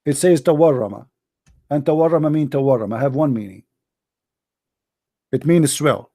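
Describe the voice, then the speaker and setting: A man with a high voice hosts a heated call-in debate, hoarse from talking. He mocks and scolds his callers and repeats himself. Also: moderate pace, warm tone. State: losing his voice. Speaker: debate show host.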